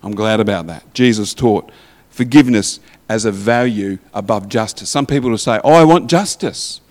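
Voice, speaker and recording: A man's voice: on the low side, moderate pace, darkish tone. A man preaching a sermon in a conversational way, reading scripture aloud and asking the listeners questions.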